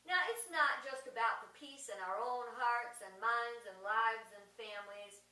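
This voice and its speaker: A middle-aged woman with a high, bright voice gives a gentle spiritual talk, slowing for emphasis. She sounds a little distant, with a roomy echo around her. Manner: gentle, slow emphasis, storytelling asides. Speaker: speaker giving an advent message.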